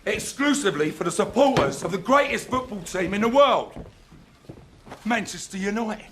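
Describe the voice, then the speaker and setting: A man's voice: high voice, expressive, moderate pace, background noise. An actor playing a hostile doorman guarding a private fans' bar, talking in a menacing, sneering way. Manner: menacing, sneering, ends in a shout. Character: hostile male doorman of a fans-only bar.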